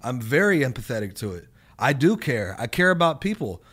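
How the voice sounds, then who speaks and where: A man's voice: mid-range voice, very animated, a little fast, fairly bright tone, husky. A man talking in a loose casual chat, rambling with many fillers and restarts, and swearing now and then.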